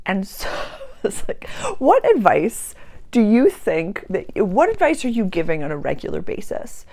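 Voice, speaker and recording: A woman's voice: mid-range voice, unhurried. A woman hosting her own spiritual channel, talking casually and chattily about personal growth. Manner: chatty, animated, acts out quoted voices. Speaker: spiritual coach and channel host.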